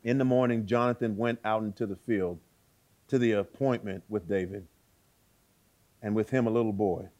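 A man preaching a sermon, with dramatic swings between loud exclaiming and hushed words and rhetorical questions to the listeners. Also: lowish voice, fairly even intonation, moderate pace, pauses often.

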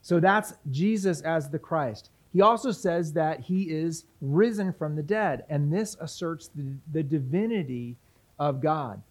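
Male pastor teaching scripture, higher-pitched voice, casual questions to the congregation. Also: unhurried, few pauses. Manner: conversational teaching with questions to the audience; reads scripture aloud. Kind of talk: sermon, Bible teaching.

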